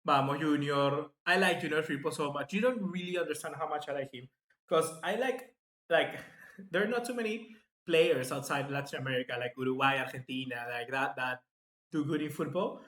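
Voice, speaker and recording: A fairly high-voiced man talks through a football match live, chatty and easily excited, bursting out at near misses. He reads out viewer comments between plays. His voice rings in an echoey room. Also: brisk. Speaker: football fan channel host.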